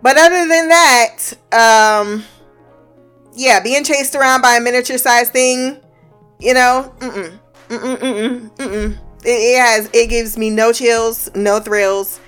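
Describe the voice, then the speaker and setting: A woman's voice: fairly high pitch, fairly even intonation, slow pace, a bit bright, smooth, faint music behind. A woman giving a casual recap of a TV episode, blunt and profane with a joking edge.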